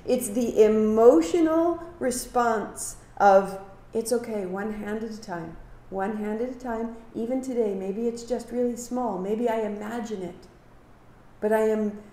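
A woman with a fairly high voice leads a live yoga class. Her cues are calm and steady, and she breaks into lively storytelling. The sound carries a roomy echo. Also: a little slow. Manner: calm guiding cues, then animated storytelling with acted quotes. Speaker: yoga teacher.

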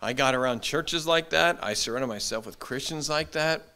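A middle-aged man preaching a sermon as pastor, animated, repeating his words as he builds. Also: medium pitch, normal speed, clean tone. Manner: animated preaching, acts out short quoted voices, frequent repeated words.

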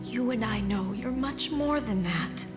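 An actress playing a kind, brave young heroine in an animated film, encouraging and full of wonder. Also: female voice, fairly high pitch, measured pace, music in the background, lightly acted. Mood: earnest.

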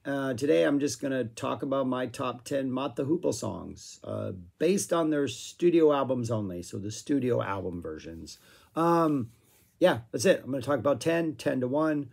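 A man casually talking through his favorite songs, with frequent fillers and a voice that is going hoarse. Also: mid-range voice, expressive, moderate pace, darkish tone. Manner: rambling, filler-heavy, hums guitar riffs. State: losing his voice, clearing throat. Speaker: music review vlogger. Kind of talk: casual chat.

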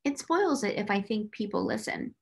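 A woman's voice: medium pitch, animated, normal speed, creaky, breathy edge. A woman doing a dreamy storytelling girl. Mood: earnest. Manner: earnest, gently explaining. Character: imaginative confident little girl, gentle storyteller.

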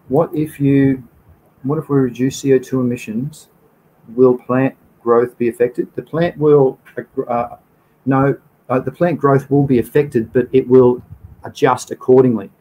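An Australian man hosts a casual livestream in a mid-range, dark-toned voice, reading viewer comments and answering questions in a chatty, informal way. The recording is rough, with slight background noise.

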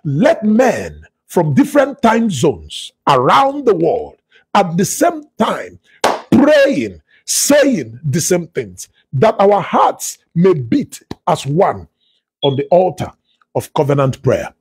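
Leading a prophetic prayer broadcast, this man speaks slowly in a husky, fairly high voice whose pitch swoops wildly, with no echo. He fervently declares prophecy through repeated refrains, calls for praise and slips into speaking in tongues.

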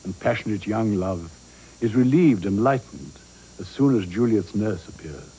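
A man narrates a documentary in a measured, explanatory tone. His voice sits low and sounds warm and mellow. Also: animated, slight background noise, rough recording. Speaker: documentary host.

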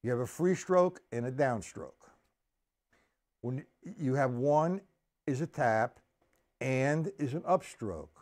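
Guy teaching drum accents on a stream, talks slow and bouncy, counts out the beats. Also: mid-range voice, expressive, a little mellow. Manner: counts beats aloud, patient step-by-step explaining. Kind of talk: live-streamed drum lesson.

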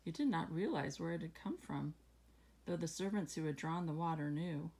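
A woman reading scripture aloud at home, then musing about it casually with fillers and soft laughs. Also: sits low, lively intonation, normal speed, breathy edge. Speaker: Bible reading channel host. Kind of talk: casual Bible reading and reflection.

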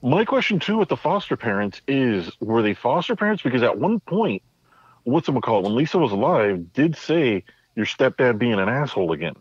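A man's voice: mid-range voice, big pitch swings, fairly quick, slightly rough, no echo, muffled recording. A man co-hosting a podcast, chatting casually about a movie and raising questions about the plot. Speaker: podcast co-host.

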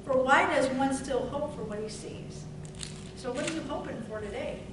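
A woman preacher delivering a fervent sermon, stretching out scripture lines with emphatic, drawn-out delivery. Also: high-pitched. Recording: echoey room from far off, noisy.

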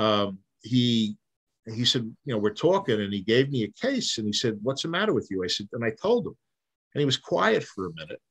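A man, a private investigator telling vivid case stories in a casual interview, acting out the dialogue. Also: medium pitch. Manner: animated storyteller, acts out quoted dialogue, frequent restarts.

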